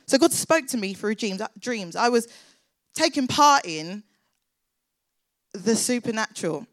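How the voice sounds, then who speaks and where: A woman's voice: on the high side, animated, unhurried, a bit bright, no room sound. Earnest young woman giving testimony. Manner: earnest, chatty, lots of filler "like"s. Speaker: church worker sharing testimony. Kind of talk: personal faith testimony.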